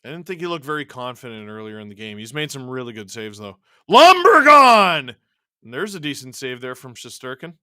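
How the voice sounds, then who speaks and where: A man with a clear, resonant medium-pitched voice talks at a quick pace with few pauses, in studio-quality audio without echo. As host of a live watch-along stream, he calls the game, yelps and shouts excitedly at big plays, and jokes with chat.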